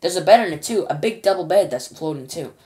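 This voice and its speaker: A woman's voice: lowish voice, animated, fast talker, warm tone, natural voice. A woman voicing a cheeky astronaut. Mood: cocky. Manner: cocky, casual slang, talking back. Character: brash, cheeky male astronaut. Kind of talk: children's storybook reading.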